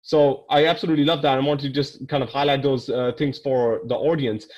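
A man's voice: mid-range voice, fairly even intonation, fairly quick, darkish tone, muffled recording. A man hosting a podcast interview, chatting casually and enthusiastically summing up his guest's points. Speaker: podcast host.

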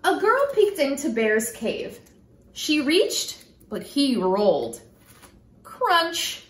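A woman with a high, animated voice reads a children's storybook aloud and then teaches in a gentle, teacherly way. She takes her time, and the sound rings in an echoey room. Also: very slow.

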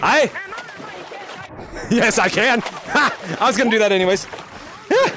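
A man in his thirties excitedly shouting and laughing through VR gameplay commentary from his apartment, on a headset mic. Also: high-pitched, measured pace, noisy background. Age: 30s. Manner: shouty, playful, laughing a lot. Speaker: gaming content creator.

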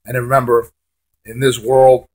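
A hoarse young man rants bluntly as a wrestling fan vlogger, stammering and repeating words, with some swearing. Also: mid-range voice, flat delivery, measured pace, a little mellow. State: hoarse, lost his voice. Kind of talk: casual ranting monologue.

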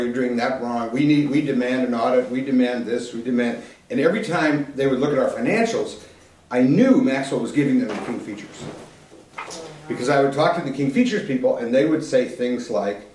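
An older man speaks at a middle pitch, telling a business story to an audience and voicing the people he quotes. He is recorded from some distance in an echoey room. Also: darkish tone, a little hiss or hum. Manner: conversational, acts out quoted dialogue. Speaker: keynote speaker. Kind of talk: storytelling talk.

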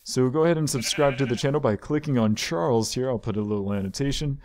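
A man's voice: medium pitch, fast talker, hardly any pauses, a little mellow. A man hosting his own gaming channel, giving loose, playful gameplay commentary and coaxing the animals on screen.

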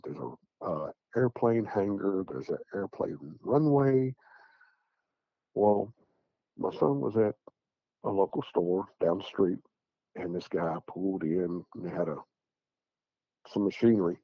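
Unhurried and pausing often, a middle-aged guest from Tennessee tells a story in a low, breathy Southern voice with no echo. The audio is dull, dry and lo-fi, and he rambles casually about his encounters, repeating "I said" and "he said."

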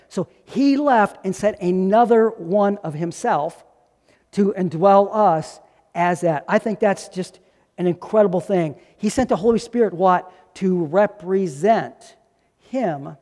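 A man's voice: sits high, slow pace, a little mellow, big-room sound. A male pastor preaching a sermon, asking rhetorical questions and repeating key lines for emphasis.

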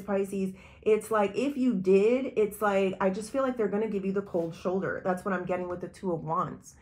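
A woman giving a tarot reading, talking straight to the viewer in a rambling, intuitive way. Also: medium pitch. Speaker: tarot reader.

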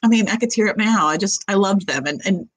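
A woman's voice: mid-range voice, fast talker, low-quality recording. A middle-aged woman, hosting a casual live question-and-answer chat, rambling with lots of fillers. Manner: chatty, rambling, many fillers. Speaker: livestream host.

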